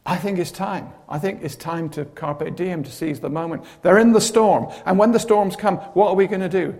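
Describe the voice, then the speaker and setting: A man's voice: high voice, normal speed. A man preaching a sermon, telling stories with dramatic flair and humorous asides. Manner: animated storytelling with humorous asides.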